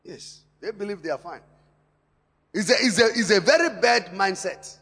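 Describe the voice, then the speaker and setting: A man preaching a sermon in a church, impassioned, swinging between quiet asides and loud emphatic lines and repeating words for stress. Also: high-pitched, normal speed, husky. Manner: impassioned preaching with sharp rises and drops in loudness. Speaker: pastor. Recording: long hall reverb in a church.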